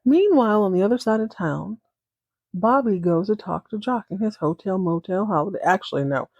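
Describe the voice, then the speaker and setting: A chatty podcast host, a woman, who tells the story with playful asides and dramatic flair. Her middle-pitched voice sits on a dry, close recording. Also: animated, normal speed, darkish tone, no echo. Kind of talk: casual recap podcast.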